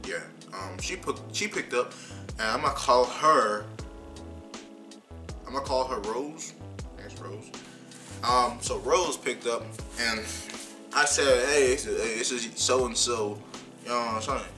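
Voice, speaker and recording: A young man vlogger telling a heated, animated story about being fired, often repeating himself. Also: medium pitch, unhurried, pauses often, soft background music. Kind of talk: casual storytime rant.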